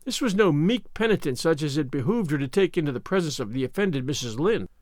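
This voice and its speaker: Man, audiobook narrator, expressive, lively pitch, dry close mic. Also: quick pace, no echo. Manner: expressive, storytelling. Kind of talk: audiobook reading.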